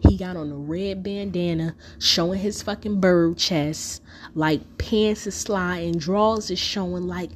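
A woman's voice: lowish voice, measured pace, a little hiss or hum. A woman telling a personal story in a casual, profane monologue full of fillers.

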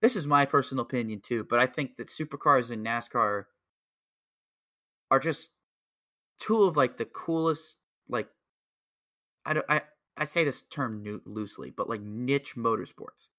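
A man co-hosting a podcast, chatting casually in a rambling way with lots of filler words and excited laughter. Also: medium pitch, normal speed, long pauses, dry recording, studio quality. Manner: excitable, laughs at own jokes. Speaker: podcast co-host. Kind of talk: casual chat.

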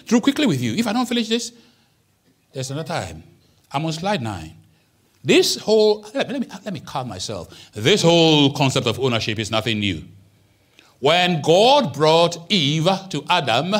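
A pastor from Ghana delivers his sermon in a husky, somewhat raised voice. His pitch moves all over the place, dropping low for quiet remarks and jumping high for emphasis, and he carries a lively, animated energy. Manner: animated preaching, leaps from hushed asides to high emphatic peaks. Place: church.

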